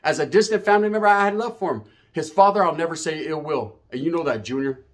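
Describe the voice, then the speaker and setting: A man's voice: on the high side, fast talker. A male YouTuber delivering a profane, confrontational rant to camera in a swaggering way. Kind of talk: ranting monologue to camera.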